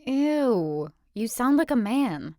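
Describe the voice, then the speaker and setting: A woman reading aloud voices an excitable, nosy teenage girl who gushes and squeals. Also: mid-range voice, moderate pace, no echo, studio quality, close to an everyday voice. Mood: teasing. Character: chatty excitable young woman, teenage friend.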